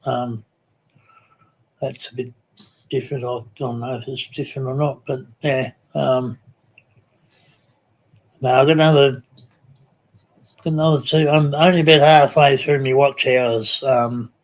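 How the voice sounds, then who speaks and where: Australian male streamer, easygoing chat with viewers, unhurried, lots of ums and restarts. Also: medium pitch. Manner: slow, rambling, many ums and restarts. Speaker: live stream host. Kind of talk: casual live chat reading comments.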